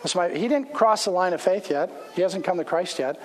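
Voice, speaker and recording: A man's voice: sits high, animated, fairly quick. A man, a pastor, telling a casual anecdote as part of a sermon in a church. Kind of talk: storytelling sermon. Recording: long hall reverb.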